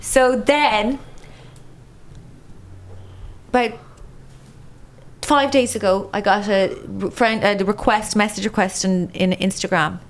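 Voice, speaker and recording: A comedian in her forties with an Irish accent, co-hosting a podcast and telling a dating story in casual, animated chat, with swearing and quick asides. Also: medium pitch. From Ireland.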